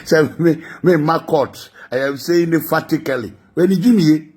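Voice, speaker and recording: A man's voice: a little high, moderate pace, a little mellow, slightly rough. A man with a Ghanaian accent giving mocking gossip commentary, laughing often between lines. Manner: laughing, mocking, mixing languages.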